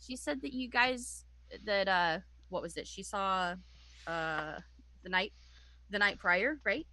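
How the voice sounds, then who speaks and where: Woman player, bright voice, chatty in-character interrogation, stops and restarts. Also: mid-range voice, lively intonation, slow pace, no echo. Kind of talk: in-character questioning in a tabletop game.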